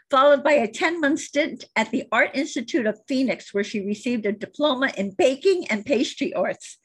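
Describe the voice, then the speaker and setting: Woman host, husky voice, slightly high pitch, earnest measured delivery. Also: fairly bright tone. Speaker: podcast host. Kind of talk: scripted introduction and interview questions.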